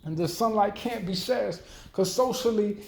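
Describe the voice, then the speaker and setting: Rambling, profane man with a dark voice. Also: sits high, vocal fry, a little hiss or hum. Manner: profane, loose, rambling, talks fast then trails off. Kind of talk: rambling monologue rant. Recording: roomy echo.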